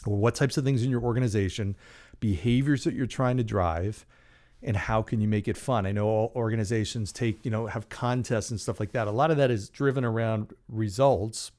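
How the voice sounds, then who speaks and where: A man's voice: on the low side, fairly even intonation, brisk, a little mellow. A man hosting a podcast, talking through ideas in a casual, conversational way with frequent fillers and asides. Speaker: podcast host. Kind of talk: casual motivational monologue.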